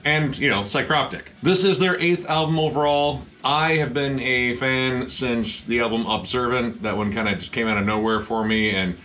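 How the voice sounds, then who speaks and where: Bright, excitable man reviewing metal. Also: medium pitch, normal speed, hardly any pauses. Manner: excited, swears a lot, many "like" fillers. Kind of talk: casual album review chat.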